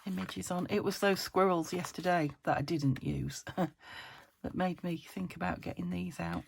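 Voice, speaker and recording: A woman from the UK hosting a casual craft tutorial, chatty and self-chiding as she thinks aloud while working, her voice still slightly croaky. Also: lowish voice, steady tone, unhurried, a little hiss or hum. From United Kingdom. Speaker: crafting channel host.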